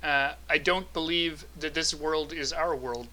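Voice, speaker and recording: A man's voice: on the high side, steady tone, unhurried, pushed and bright, poor audio. A man voicing a formal male android envoy in a tabletop game, speaking in stiff, mechanical phrases. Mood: stiff polite.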